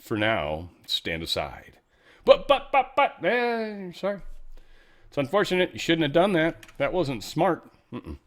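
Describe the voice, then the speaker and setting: A man's voice: mid-range voice, fairly bright tone. A middle-aged man hosting a casual talk show, rambling and sarcastic, often stumbling and restarting his sentences. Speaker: host. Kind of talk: casual political talk and product pitch.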